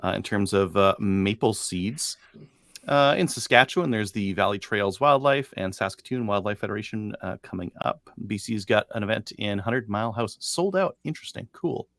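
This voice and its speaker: A man with a low, gravelly voice hosts a casual talk show. His pitch swings up and down as he runs through news items with plenty of ums and uhs. The sound is close and dry. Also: lively intonation, normal speed, fairly bright tone, no echo. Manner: loose, filler-heavy reading of news items. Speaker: podcast host. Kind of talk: casual chat. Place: studio.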